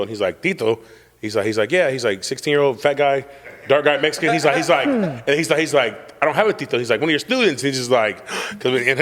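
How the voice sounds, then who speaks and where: A man's voice: mid-range voice, fairly bright tone, long reverb tail. A young man hosting a casual chat, telling a boastful, profane, slang-heavy story. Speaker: podcast host telling a story.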